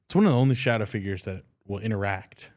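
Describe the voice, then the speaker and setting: A young man co-hosting a podcast, telling stories in a loose, excitable way and swearing casually. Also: fairly low pitch, fast. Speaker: podcast co-host. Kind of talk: casual chat.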